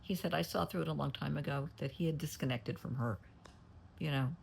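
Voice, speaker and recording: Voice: medium pitch, a little fast, gravelly, slight background noise. A therapist retelling a client's story, getting emotional and dropping to a near whisper at times. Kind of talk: telling a story.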